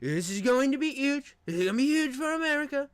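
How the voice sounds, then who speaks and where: A nasal-voiced man doing an impression of a blustering older politician, boasting in punchy superlatives with drawn-out pauses. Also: extremely high pitch, very animated, no room sound, clean studio sound, pitched above the performer's own voice. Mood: boastful.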